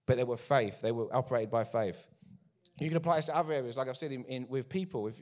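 A man preaching a sermon to a congregation, animated and joking in asides. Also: mid-range voice, fast talker. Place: church before a congregation.

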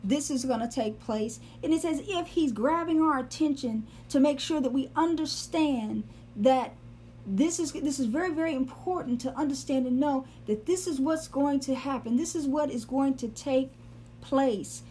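Lady teaching bible verses, earnest, repeats herself for emphasis, kinda high voice, bit of hum. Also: normal speed, mellow. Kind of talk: sermon-style Bible teaching.

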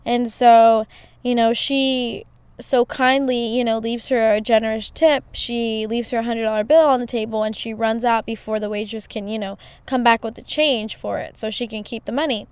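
Woman, podcast host, casual storytelling, chatty with fillers, smooth clear voice, dry close sound. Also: on the high side, steady tone, moderate pace, no room sound. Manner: chatty, leans on "you know" fillers.

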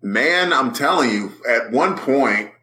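A man's voice: mid-range voice, expressive, takes it slowly, pushed and bright. A man hosting a casual comic-book podcast chat, laid-back and joking with his co-hosts. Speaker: podcast host.

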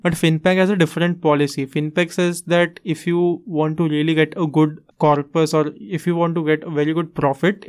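A man's voice: fairly high pitch, clean tone. A man with an Indian English accent, casually explaining investing on a podcast and slipping Hindi phrases into his English. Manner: earnest, explains with examples, mixes in Hindi phrases.

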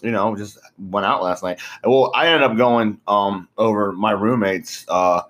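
Low-voiced, profane young man. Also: measured pace, fairly bright tone. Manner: profane, rambling, laughs often, says "bro". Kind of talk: casual chat.

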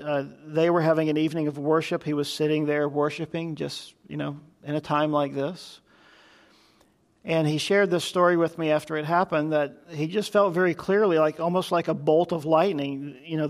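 A man preaching a sermon as pastor, conversational and earnest, often asking his listeners questions. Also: a little high.

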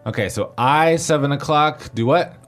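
A man's voice: on the high side, moderate pace, fairly bright tone, faint music behind. A man hosting a language lesson who patiently explains grammar and spells out pinyin letter by letter.

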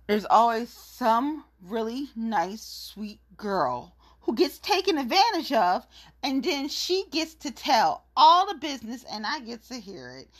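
Woman, casual vlog rant, profane and blunt, gossipy, lively swooping voice, fairly high.

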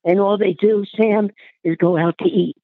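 An older woman, an aunt, is interviewed by phone and chats fondly, calling the listener honey while short of breath. She has a mid-range voice with fairly even intonation and a moderate pace, with no echo on the tinny, dry line.

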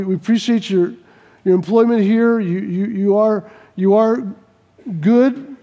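A man's voice: extremely high pitch, dark tone. A man voicing a blunt middle-aged male boss who stumbles and repeats words as he gives a performance review.

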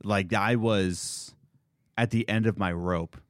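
A young man co-hosting a podcast, telling stories in a rambling, animated way with frequent restarts. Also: on the low side, slow pace, dry recording, studio quality. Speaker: podcast co-host. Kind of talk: casual chat.

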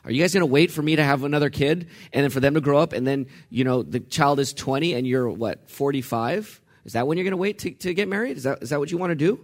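A man teaching a Bible passage in an expository sermon, animated and full of rhetorical questions, swinging between loud and hushed. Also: a little high.

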